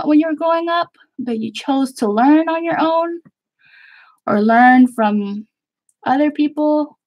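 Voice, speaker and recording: A woman's voice: on the high side, low-quality recording. A Texan woman from Texas, a craft vlogger chatting casually to her viewers in a rambling way and laughing often.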